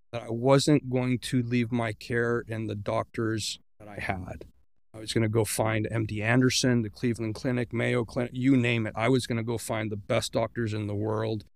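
Gravelly-voiced man telling his story. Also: mid-range voice, no room sound. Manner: earnest, vivid retelling with quoted inner thoughts. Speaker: podcast guest. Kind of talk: personal storytelling in an interview.

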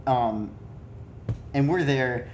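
A young man chats in an easygoing way, adding his side of the story with plenty of fillers. His pitch is ordinary, and the recording has an echoey room sound with a faint rumble behind it. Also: drawn-out words, darkish tone. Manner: laid-back, chiming in, fillers. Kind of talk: casual chat.

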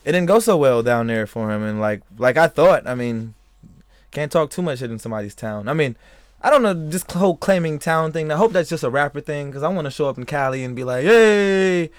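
A man's voice: fairly high pitch, expressive, a little fast, no echo. A man hosting a podcast in a casual, rambling way, a little tipsy, laughing often and talking to live chatters. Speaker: podcast host. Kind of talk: casual live-stream chat.

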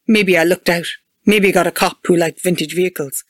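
A reader narrating a sci-fi story aloud in an even, measured way. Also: medium pitch, no room sound. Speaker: manuscript reader.

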